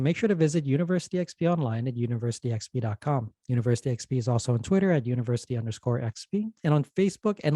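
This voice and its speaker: Mellow-voiced man hosting a lesson podcast. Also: mid-range voice, no echo. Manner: steady, instructive delivery. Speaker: podcast host. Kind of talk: scripted educational narration.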